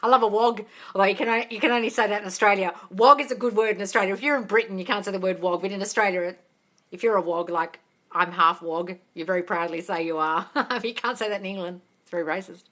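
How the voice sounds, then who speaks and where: A woman in her thirties, a manifestation coach answering viewer questions on a live stream, chatty and quick to laugh, swearing casually and calling her viewers darling. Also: medium pitch, a bit bright. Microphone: phone.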